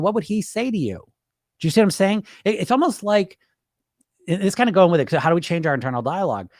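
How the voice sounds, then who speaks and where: A man's voice: fairly high pitch, no room sound, clean studio sound. A man hosting a podcast as a weight loss coach, talking in a conversational way, laughing often and acting out little voices. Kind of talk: casual talk.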